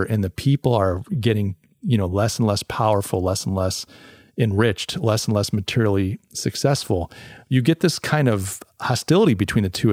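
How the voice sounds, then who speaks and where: A man's voice: lowish voice, darkish tone, dry recording, clean studio sound. A man hosting a solo talk show, reviewing a paper in a loose conversational way, often restarting sentences and acting out what people say. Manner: conversational, restarts often, acts out quoted voices. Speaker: podcast host.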